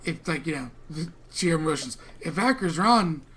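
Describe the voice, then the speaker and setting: A man narrating a tabletop game as game master, animated, slipping into the genies' sing-song voices. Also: a little high, normal speed, slightly rough.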